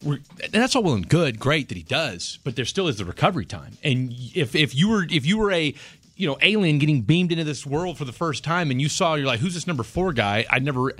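A man co-hosting sports talk radio, animated and rambling with many restarts. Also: on the high side, fairly quick.

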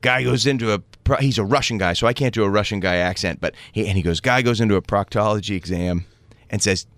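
A man's voice: lowish voice, fast, no room sound. A man from the Boston area, a touring musician guest on a radio show, telling stories with plenty of laughs and little voices for the people in them. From Boston area, Massachusetts. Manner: animated storyteller, laughing often and acting out voices. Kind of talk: casual radio interview. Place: radio studio.

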